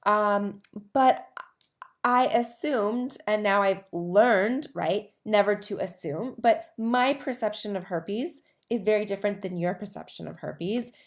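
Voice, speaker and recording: The host of a herpes advocacy podcast talks casually to camera in her mid-range voice at a measured pace. She rambles, with plenty of asides and restarts.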